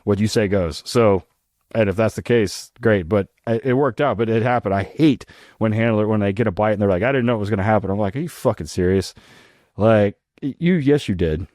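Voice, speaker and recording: Deep-voiced man swearing through stories. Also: brisk, no room sound, clean studio sound. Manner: profane, animated storytelling. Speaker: podcast co-host, police dog program lead. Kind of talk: casual chat.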